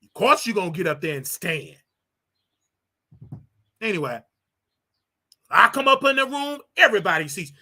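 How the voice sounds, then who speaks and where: A man with a bright, forceful voice, hosting his own livestream. He rants to his viewers in an animated, preachy, jokey way, jumping from quiet asides to loud outbursts. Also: moderate pace, long pauses. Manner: animated, preachy, jokey, with wild swings in pitch and volume. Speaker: host. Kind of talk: solo livestream rant.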